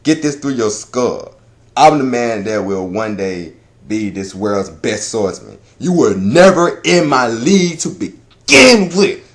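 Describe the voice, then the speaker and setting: A man voicing a cocky male swordsman, speaking slowly and deliberately in close to his own voice. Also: medium pitch, big pitch swings. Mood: defiant. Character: cocky grown male swordsman, cold and boastful.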